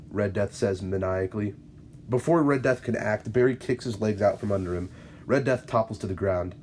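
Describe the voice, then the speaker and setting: Reading a fan-written episode script on his channel, this male host narrates plainly and matter-of-factly, making small slips along the way. His voice sits low and a little mellow at a normal speed, with slight background noise.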